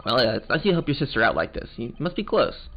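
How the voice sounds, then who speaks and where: Talking fast with a medium pitch that swoops wildly, this man plays a game and voices it, keeping the chatter loose and jokey. The let's play recording is muffled, and game music runs underneath.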